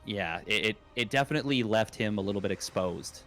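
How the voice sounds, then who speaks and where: A man's voice: on the low side, a little fast, a bit bright, faint music behind. A young adult man casting an esports match in a casual, rambling way, with jokes and many fillers. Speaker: esports caster. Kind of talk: casual play-by-play commentary.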